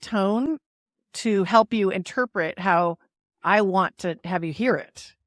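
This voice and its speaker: A woman's voice: medium pitch, slow, no room sound, clean studio sound. A woman hosting a podcast, explaining ideas in a casual, playful way and leaning on emphasis. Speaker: podcast host.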